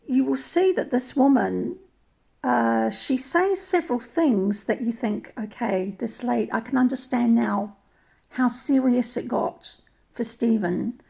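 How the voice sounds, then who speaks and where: A woman with a New Zealand or Australian accent talks through her views in a thoughtful commentary, restarting and repeating words as she works out her points. Her voice sits fairly high, with a strong gravelly fry and a husky, breathy edge. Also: darkish tone. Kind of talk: opinion commentary vlog.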